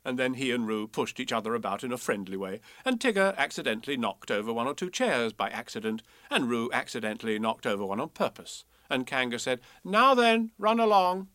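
A man reading a children's storybook aloud in a playful, expressive way. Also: medium pitch, fairly quick, hardly any pauses, no echo, clean studio sound.

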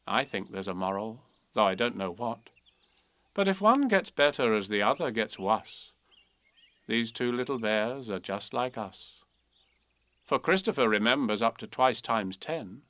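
A man reads children's poems and a storybook aloud in a measured, expressive way. His voice sits in a middle register. The recording is very dry and close, with no room sound. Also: medium pitch, dry recording. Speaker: narrator. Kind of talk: storybook and children's verse reading.

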